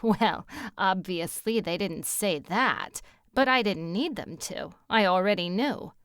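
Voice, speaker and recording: A woman's voice: medium pitch, lively intonation, slow, fairly bright tone, clear, resonant tone, dry recording, studio quality. A woman voicing a brash, self-absorbed woman on a date, with a Bronx accent and a gushing, over-eager way of talking.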